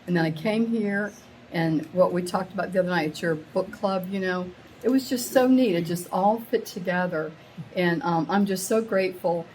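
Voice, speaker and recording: A middle-aged woman telling a rambling, excitable story to a small live group, acting out the quotes with big jumps in her voice. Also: on the low side, moderate pace, a little hiss or hum, low-quality recording. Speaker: meetup attendee sharing a story. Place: women's meetup gathering, audience laughing.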